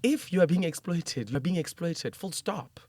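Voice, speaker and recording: Male podcast host, emphatic and animated, mid-pitched, dry close mic. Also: normal speed, husky, dry recording. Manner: animated and emphatic, laughs often. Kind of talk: conversational podcast interview.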